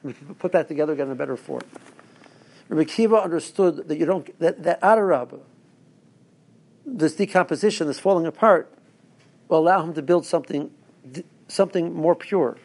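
Speaking a little fast and high, with a darkish tone and frequent pauses, a rabbi wanders through a Torah talk for his listeners. He restarts often and drifts into stories and asides.

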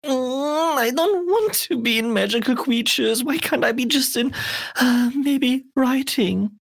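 A woman's voice: high-pitched, moderate pace, creaky. A woman playing a tabletop game, speaking hesitantly in a timid way. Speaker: player.

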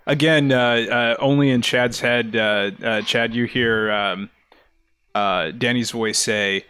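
A man's voice: mid-range voice, fairly even intonation, slow pace, sharp tone, smooth, no room sound, clean studio sound. A man playing a tabletop game, describing his character's actions hesitantly, with plenty of fillers. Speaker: player.

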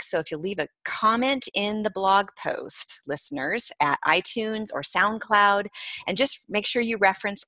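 A middle-aged woman hosts a podcast in a relaxed, chatty way, sprinkling in ums and easy laughs. Her voice sits a little low but sounds bright. The recording is dry and close. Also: no echo. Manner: warm, chatty, laughs often, many ums. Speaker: podcast host. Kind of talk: casual interview chat.

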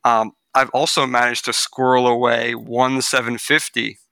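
A man's voice: medium pitch, flat delivery, normal speed, pushed and bright, clean tone, no room sound. A man co-hosting a beer podcast, chatting casually with many ums and easy rambling. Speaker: podcast co-host. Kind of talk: casual chat.

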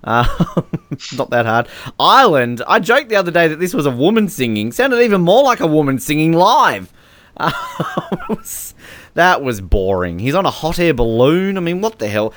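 A man's voice: on the high side, big pitch swings, normal speed, fairly bright tone, no room sound. A man hosting a casual podcast chat, sarcastic and often laughing. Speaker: podcast host. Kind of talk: casual chat reviewing song contest entries.

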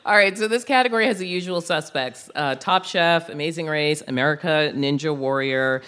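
A woman radio host interviewing a guest on a theater stage, asking measured questions and laughing along. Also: low-pitched, fairly bright tone, smooth. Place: theater stage before live audience.

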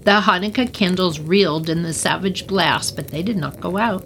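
A woman's voice: on the low side, normal speed, few pauses, noisy background. A woman reading a story aloud on her podcast with playful, chatty asides.

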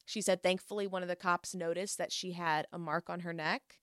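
A young woman hosts a casual chat and tells a long, lively story, dropping into quoted voices as she goes. Her voice is bright and forceful with a smooth, crisp tone, and the recording is dry and close. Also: on the low side, a little fast, no room sound.

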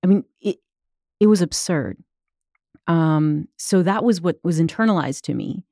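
A woman's voice: lowish voice, expressive, a little slow, warm tone, no room sound, clean studio sound. A woman in her thirties from the United States, telling a personal story in casual conversation with many fillers. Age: 30s. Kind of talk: casual chat.

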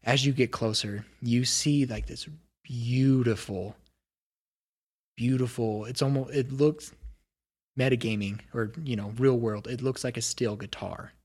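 A man's voice: medium pitch, steady tone, measured pace, darkish tone, husky. A man running a tabletop game as game master, narrating casually with lots of filler words.

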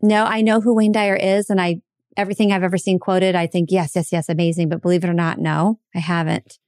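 An American woman hosting a casual conversation, telling animated stories and laughing as she goes. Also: fairly low pitch, a little fast, no room sound, studio quality. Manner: animated storyteller, laughs mid-story. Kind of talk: casual chat.

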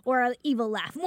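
Woman cohost, kinda high voice, laughs a lot, dry close sound, faint music. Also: a bit bright, dry recording. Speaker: podcast co-host. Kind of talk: casual podcast chat.

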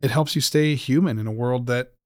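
A man's voice: mid-range voice, fairly quick, a little mellow, dry recording, studio quality. A man hosting a podcast, talking earnestly and gratefully in a casual interview, with frequent fillers and restarts. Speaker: podcast host.

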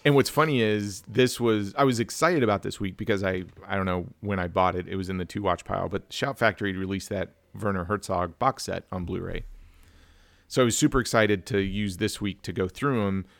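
A man's voice: deep voice, a little fast, vocal fry, fairly bright tone, dry recording. A man co-hosting a casual film review chat, telling stories and acting out family dialogue. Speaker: podcast co-host.

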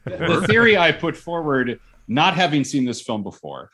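A man's voice: on the high side, very animated, moderate pace, sharp tone. A man, a guest film expert, chatting casually and offering opinions. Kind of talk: casual chat.

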